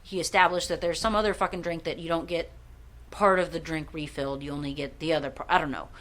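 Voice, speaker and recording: A woman co-hosting a podcast, telling a rambling story in casual chat, swearing freely and breaking into excited bursts. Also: deep voice, quick pace. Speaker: podcast co-host.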